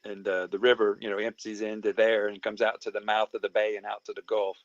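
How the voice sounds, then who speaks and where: Halting, polite man. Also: lowish voice, level tone, no echo, muffled recording. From Mobile County, Alabama. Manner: halting, many fillers and restarts, polite. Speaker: guest. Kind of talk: casual conversation.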